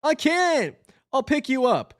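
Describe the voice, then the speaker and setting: A man voicing an eager young male bee graduate, upbeat and excitable. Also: extremely high pitch, measured pace, pitched above the performer's own voice, exaggerated voice. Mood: excited.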